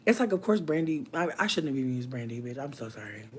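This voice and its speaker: A man giving casual comedic commentary in a campy, animated way, laughing often and using heavy slang. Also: medium pitch, quick pace, a little hiss or hum.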